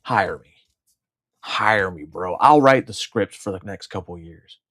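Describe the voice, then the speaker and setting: Low-voiced man in a rambling, lively rant. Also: unhurried. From United States. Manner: rambling, sardonic, profane, repeats his own lines. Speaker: vlogger. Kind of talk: casual ranting monologue.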